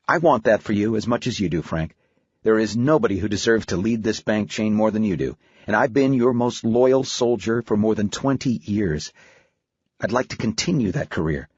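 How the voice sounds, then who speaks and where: A man voicing a shrewd, calculating middle-aged bank manager who speaks in a measured, deliberate, confident way, in an audiobook. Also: fairly low pitch, slightly rough, dry recording. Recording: dry, slightly dull studio audio.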